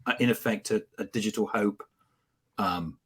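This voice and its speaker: A man's voice: fairly low pitch, husky. A man hosting a casual panel discussion, probing with questions. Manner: probing, quick-fire questions. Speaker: host.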